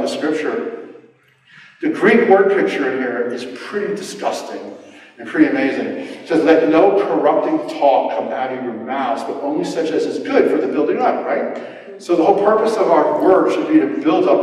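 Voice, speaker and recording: Animated pastor preaching in an echoey hall. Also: male voice, medium pitch. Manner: animated, self-deprecating, acts out quotes with voice jumps. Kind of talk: casual sermon. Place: church hall. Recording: roomy hall, mic at a distance.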